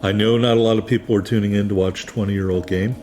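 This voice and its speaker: A man's voice: on the low side, fairly even intonation, quick pace, darkish tone, soft background music. A man from New England giving casual, wry let's-play commentary on a racing game. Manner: casual, wry, self-deprecating. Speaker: gaming YouTuber.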